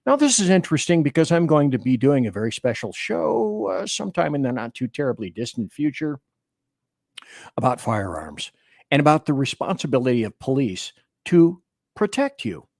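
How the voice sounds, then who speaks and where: A man's voice: mid-range voice, sing-song, moderate pace, vocal fry, darkish tone, no echo, studio quality. A man hosting a political talk radio show, delivering emphatic commentary and reading listener chat aloud. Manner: emphatic, declamatory.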